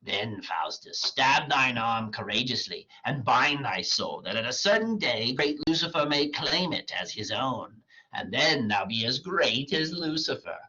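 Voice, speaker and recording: A man's voice: medium pitch, very animated, unhurried, pushed and bright, husky, dull audio, pitched above the performer's own voice, heavily acted. Man reading as a cunning tempting devil. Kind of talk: dramatic reading of a play.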